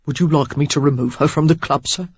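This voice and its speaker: A man's voice: fairly high pitch, quick pace, slightly rough, no echo. A narrator voicing an anxious, harried male club factotum in an audiobook who speaks tersely and urgently. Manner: tense, urgent. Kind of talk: audiobook character voice. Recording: dull lo-fi dry recording.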